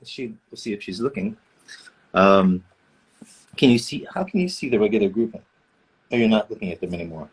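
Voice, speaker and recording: Animated man reading fan questions. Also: lowish voice, moderate pace, pauses often, slightly rough. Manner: animated, playful, reads questions aloud. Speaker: voice actor at a fan autograph session.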